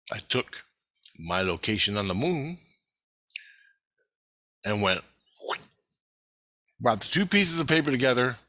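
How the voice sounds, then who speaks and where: Man, profane, rambling storyteller; bright, tense voice, dry recording. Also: medium pitch, big pitch swings, slow, long pauses, no echo. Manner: heavy swearing, rambling storytelling. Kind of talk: casual monologue video.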